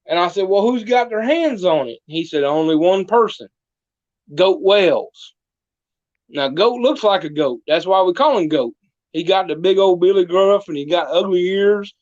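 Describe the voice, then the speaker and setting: A man's voice: sits high, lively intonation, moderate pace, a little mellow, dry recording, muffled recording. A man, playing a small-town mayor who tells comic tall tales in an interview and does voices for the people in them. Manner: folksy tall-tale teller, doing voices for the people in his stories. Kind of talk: comic storytelling in a podcast interview.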